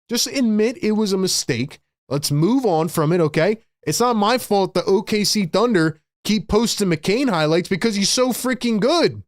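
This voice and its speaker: Ranting man with a high voice. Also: no echo, clean studio sound. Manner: frustrated, ranting, says "bro" a lot. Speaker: sports stream host. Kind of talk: live stream fan rant.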